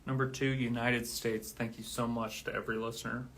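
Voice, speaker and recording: Man, livestreaming musician, monotone delivery, a bit winded, faint hiss behind. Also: medium pitch, a little fast. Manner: steady counting, then grateful rambling. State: out of breath. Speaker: drummer streaming live. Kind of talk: casual livestream talk.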